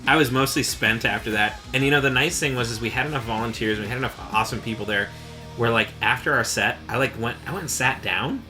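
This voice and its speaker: A man's voice: mid-range voice, quick pace, bright, forceful tone, faint music behind. A man hosting a podcast, chatting casually with jokes and lots of fillers. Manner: rambling, jokey, lots of fillers. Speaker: podcast host. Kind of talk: casual chat.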